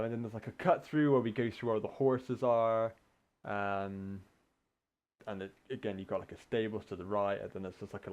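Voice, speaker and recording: A man from the UK casually telling a long story, swearing often, laughing mid-sentence and acting out shouted quotes. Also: lowish voice, muffled recording. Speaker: gaming podcast co-host telling a story.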